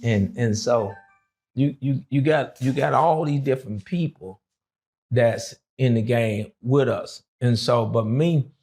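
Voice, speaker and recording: A middle-aged man with a gravelly, husky voice, telling his story casually. He rambles and fills pauses with "uh" and "you know.". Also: mid-range voice, darkish tone. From Dallas, Texas. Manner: rambling, with many fillers and acted quotes.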